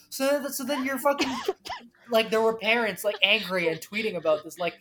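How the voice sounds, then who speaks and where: A woman's voice: medium pitch, moderate pace, background noise. A woman co-hosting a casual podcast, profane and jokey, reading news aloud between gags. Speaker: podcast co-host. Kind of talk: casual chat.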